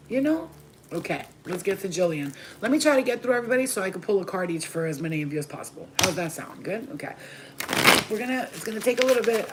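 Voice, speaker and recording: Lower-voiced woman tarot reader; blunt, cussing pep talk with lively put-on voices, faint background hiss. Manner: acts out voices of spirits and haters. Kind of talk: livestream tarot reading.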